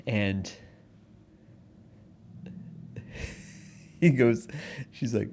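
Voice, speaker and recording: Gravelly low-voiced man hosting a podcast. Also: a little slow, warm tone, slight background noise. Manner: rambling storytelling with many restarts and chuckles. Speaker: podcast host. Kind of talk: casual comedic monologue. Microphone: studio mic in front of a backdrop.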